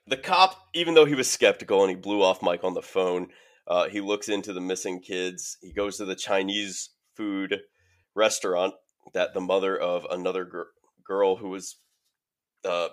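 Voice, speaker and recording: A man's voice: deep voice, unhurried, a bit bright. A man hosting a podcast, retelling a horror movie's plot in a rambling, filler-heavy way. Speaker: podcast host. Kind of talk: casual movie recap.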